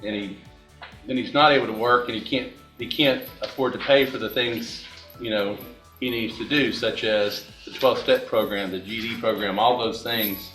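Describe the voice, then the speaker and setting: Halting male attorney in an echoey courtroom. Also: on the low side, steady tone, a bit bright, distant mic, faint music behind. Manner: halting, many fillers and restarts. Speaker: defense attorney. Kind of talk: courtroom argument.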